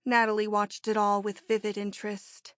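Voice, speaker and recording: A woman narrating an audiobook in a measured, even storytelling manner on a close mic. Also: medium pitch, dry recording. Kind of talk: scripted narration.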